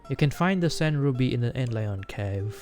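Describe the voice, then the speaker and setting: A man voicing a grieving young prince from a game, quiet and subdued. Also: medium pitch, lively intonation, normal speed, faint music behind, lightly acted. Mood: sorrowful. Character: grieving young male prince, soft-spoken.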